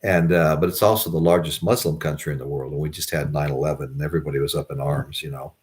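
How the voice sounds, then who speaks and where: A man's voice: rumbling low, fairly even intonation, fast talker. An American man, middle-aged, chatting casually to his viewers in a rambling way with many restarts. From United States. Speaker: vlogger. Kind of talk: casual chat to camera.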